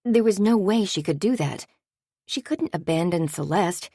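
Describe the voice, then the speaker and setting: Low-voiced woman reading an audiobook. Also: animated, normal speed, mellow, no room sound, clean studio sound. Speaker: audiobook narrator. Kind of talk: scripted narration.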